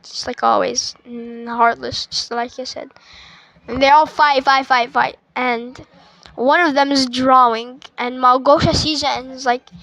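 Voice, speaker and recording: Woman reviewer, unhurried casual plot recap, trips over words often. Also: high voice, fairly even intonation, fairly bright tone, low-quality recording. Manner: stuttering, restarts, filler-heavy. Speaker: movie reviewer.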